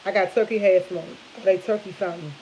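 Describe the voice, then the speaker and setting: A woman's voice: lowish voice, brisk, dull audio, slight background noise. A woman in her fifties chatting casually to viewers from her kitchen while cooking, telling stories with lots of animation. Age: 50s. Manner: chatty, animated storytelling with laughs, addresses viewers as y'all. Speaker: vlogger. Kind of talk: casual chat.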